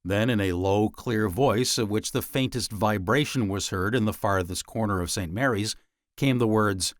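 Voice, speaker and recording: A man narrating a nonfiction audiobook in a measured, deliberate way, with dramatic pauses. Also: fairly low pitch, no echo, clean studio sound.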